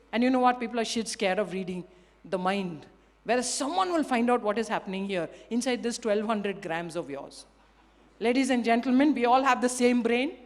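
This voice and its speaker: A high-pitched woman gives an energetic, joking motivational talk, coaxing the crowd to answer back. Her voice carries the long reverb of a big hall. She speaks as a leadership trainer on stage. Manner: energetic, humorous, drives audience call-and-response. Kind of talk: motivational talk to a live audience. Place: large hall with an audience.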